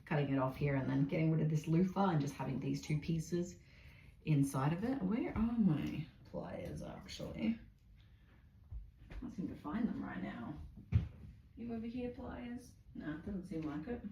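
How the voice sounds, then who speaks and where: A woman's voice: low voice, big pitch swings, moderate pace, creaky, mellow. A woman from Australia with an Australian accent, chatting casually while cleaning a pet cage, filmed on a phone resting in the cage. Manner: chatty, rambling, talks to pets in sing-song baby talk. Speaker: pet vlogger. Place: indoors at a large pet cage. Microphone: phone camera resting on a cage shelf. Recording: echoey room, faint noise.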